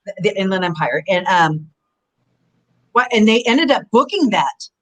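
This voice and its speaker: A woman's voice: medium pitch, normal speed, low-quality recording. A middle-aged woman from Southern California, a former wrestler, chatting as a guest on a video-call interview and rambling through her stories. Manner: rambling, animated storyteller. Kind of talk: casual interview chat.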